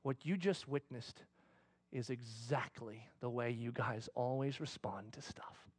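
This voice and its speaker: A preacher doing God as a hushed whisper. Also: male voice, slightly rough. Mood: gentle. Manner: hushed, slow and low. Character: God as a soft inner whisper, calm and patient.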